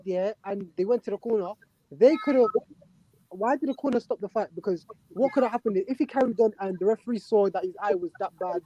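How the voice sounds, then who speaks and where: Man, boxing talk co-host, fast, insistent, repeats himself, dry sound. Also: high-pitched, warm tone, dry recording, muffled recording. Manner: quick, insistent, repeats phrases. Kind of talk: casual heated chat.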